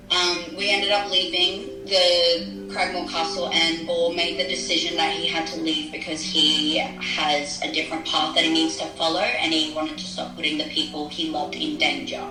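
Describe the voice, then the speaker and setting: A woman with an Australian accent playing her character in a tabletop game, talking in an earnest, gentle way. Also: on the low side, fairly even intonation. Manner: earnest and gentle, slow when consoling. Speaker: player. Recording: distant roomy sound with background music.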